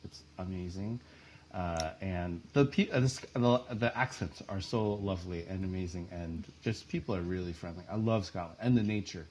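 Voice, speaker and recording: A man's voice: sits low, moderate pace, darkish tone, a little hiss or hum. Chatty, rambling man from New Jersey. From central New Jersey, US. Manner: chatty and rambling, laughs often, many fillers. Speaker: guest artist. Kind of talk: casual interview chat.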